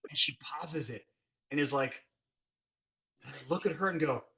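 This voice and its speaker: Bright, animated man telling stories. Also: moderate pace. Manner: animated, acts out quotes with big pitch jumps. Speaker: guest, special effects blacksmith. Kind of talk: casual storytelling.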